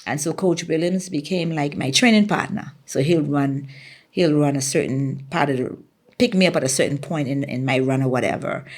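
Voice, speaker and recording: A woman's voice: low-pitched, normal speed, a little mellow. A middle-aged woman from the Bahamas with a Bahamian accent, a former track athlete telling her story in an interview, acting out quotes animatedly.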